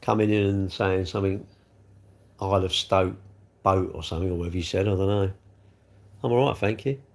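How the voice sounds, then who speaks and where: A man's voice: deep voice, a little fast. A middle-aged man, rambling through a casual livestream and answering viewer comments, calling them mate. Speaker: livestream host.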